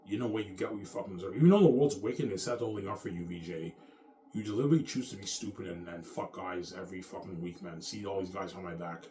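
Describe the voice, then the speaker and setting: A man's voice: low-pitched, quick pace, warm tone, slight background noise. A man in his thirties ranting casually to camera, rambling and profane. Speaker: vlogger.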